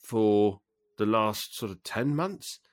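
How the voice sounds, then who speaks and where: Low-voiced man, dry sound. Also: takes it slowly, no room sound. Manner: relaxed, hesitant with many ums, playful. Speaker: podcast co-host. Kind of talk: casual chat.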